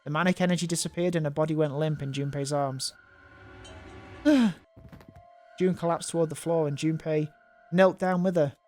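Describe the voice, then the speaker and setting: With faint music playing, a man reads a visual novel aloud at a moderate pace, leaving long pauses. His fairly high voice is steady and darkish, and he mixes in offhand mockery and stumbles.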